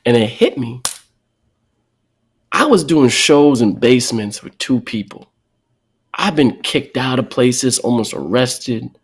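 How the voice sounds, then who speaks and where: Animated New man telling stories. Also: medium pitch, takes it slowly, long pauses, slightly rough. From New York. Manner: lively, acts out quoted people. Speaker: guest comedian. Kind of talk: animated podcast storytelling.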